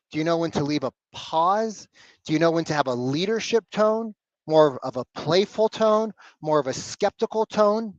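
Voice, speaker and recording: A man coaching salespeople live on a video call, blunt and animated, swearing casually. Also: high voice, dry recording, lo-fi sound.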